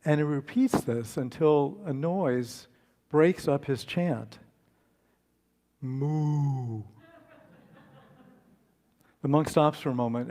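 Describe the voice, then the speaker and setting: Man giving a relaxed sermon. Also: medium pitch. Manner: relaxed storytelling, conversational with fillers and restarts. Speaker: speaker and author.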